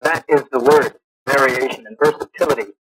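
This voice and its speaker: A man hosting a radio interview, talking eagerly and haltingly with many restarts, on an old radio broadcast. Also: mid-range voice, fairly bright tone, slight background noise, poor audio. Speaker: radio show host. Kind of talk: casual interview.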